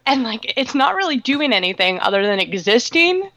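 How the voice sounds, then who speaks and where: Woman, from Canada, podcast co-host, casual chat, animated storytelling, slightly high voice, bright, dry sound. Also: normal speed, no echo. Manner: animated storyteller acting out other people's voices. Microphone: phone line.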